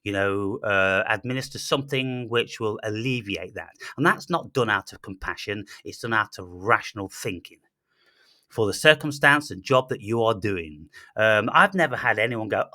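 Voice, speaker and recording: A man rants straight to the listener in a blunt, profane monologue that stumbles through fillers and restarts. His voice is bright and forceful, and it is recorded dry and close. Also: fairly low pitch, expressive, moderate pace, no echo. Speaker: channel host. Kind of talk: ranting monologue.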